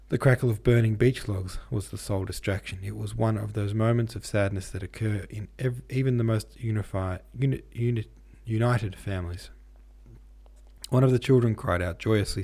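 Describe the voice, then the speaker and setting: Male reader, lowish voice, reads a novel aloud and trips over words, correcting himself. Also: vocal fry, warm tone. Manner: reads with stumbles and self-corrections. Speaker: audiobook reader. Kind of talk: unpolished audiobook reading.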